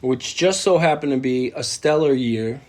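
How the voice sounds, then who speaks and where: A man's voice: mid-range voice, normal speed, a little mellow. A man hosting a casual podcast chat, telling stories in a loose, rambling way with trailing restarts. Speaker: podcast host.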